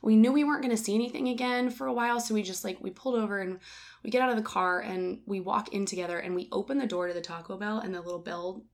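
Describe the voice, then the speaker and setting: A woman co-hosting a casual podcast, telling stories in an animated way with many fillers. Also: medium pitch, fast. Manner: animated storyteller, lots of "like". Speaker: podcast co-host. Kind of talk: casual chat, storytelling.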